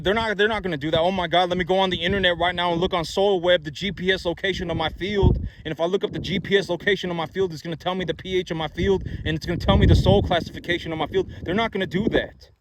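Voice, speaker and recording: Blunt guy lecturing on money, keeps saying right and you know, kinda high voice, noisy outdoor sound. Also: steady tone, fast. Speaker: farmer and investment vlogger. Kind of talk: blunt opinion monologue. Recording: noisy background.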